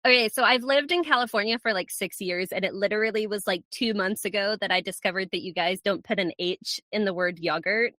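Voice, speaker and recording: A woman with a blend of Scottish and American accent, hosting a casual podcast interview from a small closet at home, chatty and quick to laugh. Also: mid-range voice, pushed and bright, no room sound. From Scotland. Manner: chatty, laughs often, self-deprecating. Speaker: podcast host.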